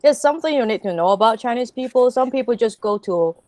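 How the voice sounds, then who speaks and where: A woman's voice: a little high, lively intonation, fast, a little mellow, no room sound. Blunt woman, dry voice. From Hong Kong. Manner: blunt, teasing, laughs often. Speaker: panelist. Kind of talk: casual chat.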